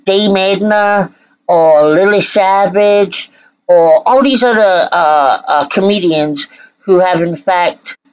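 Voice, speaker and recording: A woman's voice: on the low side, smooth, poor audio. A woman from Scotland hosting a reaction commentary, answering critics with sarcastic, mock-sweet retorts. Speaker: channel host.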